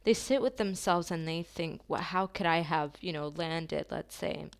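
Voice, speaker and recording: A woman giving a channeled tarot reading to her viewers, talking softly and slowly in an affirming way, with long pauses. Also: fairly low pitch, gravelly. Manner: soft, slow and affirming, with drawn-out pauses.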